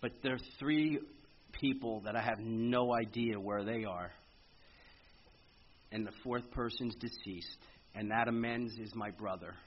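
A middle-aged man speaking earnestly at a recovery meeting, telling his story in a halting way with frequent restarts. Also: on the low side, slight background noise. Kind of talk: personal recovery testimony. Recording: muffled lo-fi meeting recording with faint ambience.

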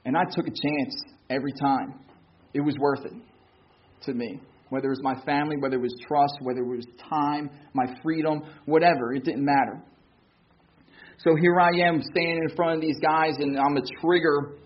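A man's voice: fairly high pitch, steady tone, normal speed, lo-fi sound. A man giving a personal recovery testimony, candid and self-mocking, acting out what others said to him. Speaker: speaker sharing his recovery story.

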